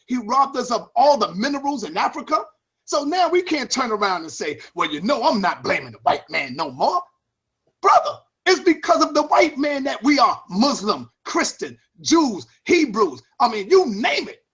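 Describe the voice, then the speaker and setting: A man's voice: extremely high pitch, fairly bright tone, husky. A man in a heated discussion, making his point emphatically with repetition, like a sermon. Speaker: debate partner.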